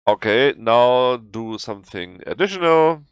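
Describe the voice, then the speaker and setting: A man with a German accent, a native German speaker, talking through a software tutorial in halting English that often restarts. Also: medium pitch, expressive, clean tone, dry recording. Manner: halting, self-correcting non-native English. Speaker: tutorial host. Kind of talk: screen-recorded software tutorial.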